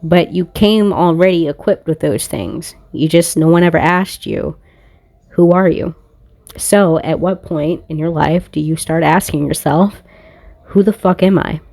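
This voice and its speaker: A woman's voice: low-pitched, measured pace, creaky, darkish tone, dry recording. A woman reading tarot cards in a casual monologue recorded on a phone, blunt, profane and confrontational. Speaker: tarot reader.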